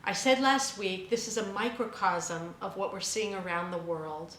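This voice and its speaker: A woman's voice: mid-range voice, moderate pace, fairly bright tone. Woman radio host, impassioned spiritual monologue, roomy echo, faint hiss. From United States. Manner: emphatic, rising to fervent peaks.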